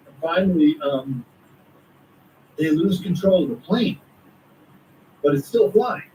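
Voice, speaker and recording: A man's voice: on the high side, slow pace, a little hiss or hum. Man telling a wild story from a distant mic. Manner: excited storytelling with asides. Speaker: author and guest. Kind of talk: conspiracy talk interview.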